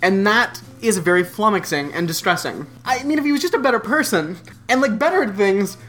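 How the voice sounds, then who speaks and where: A man's voice: high voice, animated, a little fast, fairly bright tone, faint music behind. A man co-hosting a podcast, telling a history story in a rambling, sarcastic, casual way with some swearing. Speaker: podcast co-host. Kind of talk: casual chat.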